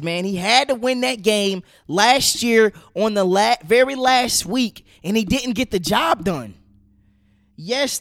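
A man with a high-pitched voice talks through football trades in a loose, opinionated monologue. He gets animated and slangy as he makes his case. The recording is dry and close, with no room sound. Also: no room sound. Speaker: sports commentator. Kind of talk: casual sports opinion talk.

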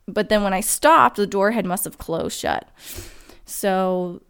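A woman's voice: mid-range voice, steady tone, moderate pace, smooth. A young woman telling a personal story in a rambling way, full of "like" and restarts. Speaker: car crash survivor telling her story.

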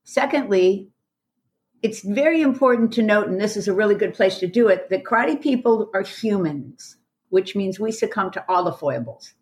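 A woman's voice: mid-range voice, animated, moderate pace, a little mellow. Enthusiastic woman hosting a karate chat. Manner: enthusiastic, laughs often. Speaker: karate instructor and podcast host. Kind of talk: casual group discussion.

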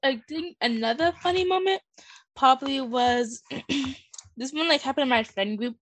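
A woman's voice: sits high, moderate pace, fairly bright tone, slight background noise. Rambling teen girl, lots of fillers. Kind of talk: casual storytelling.

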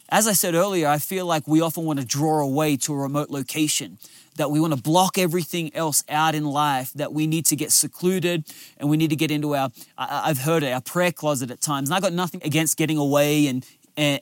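A man's voice: a little high, no room sound, studio quality. A man, a lead pastor giving a sermon outdoors by a lake, in an earnest, conversational storytelling way.

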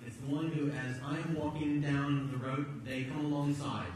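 A man's voice: on the high side, steady tone, normal speed, a little mellow, slight background noise. A man preaching a sermon as pastor, in a conversational, emphatic way, often repeating words as he goes. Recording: echoey hall, distant mic.

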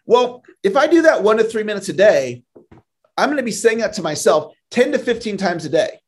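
Earnest motivational man, fairly high voice. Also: big pitch swings, brisk. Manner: earnest, motivational, repeats words when starting. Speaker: sales trainer. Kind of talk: podcast interview.

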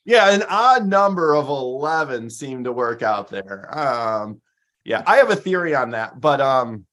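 A man's voice: mid-range voice, sing-song, measured pace, fairly bright tone. A man co-hosting a sports show, reeling off stats in an upbeat, jokey way. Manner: stat-heavy, upbeat, jokey. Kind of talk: casual sports talk.

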